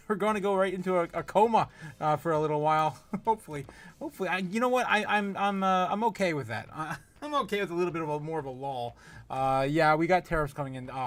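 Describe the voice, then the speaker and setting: A high-pitched man hosts a casual livestream, reading out viewer comments and greeting each one by name. He giggles often and rambles, with plenty of uh's and restarts. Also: a bit bright. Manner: laughs often, greets chat members by name, rambling with many fillers. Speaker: livestream host.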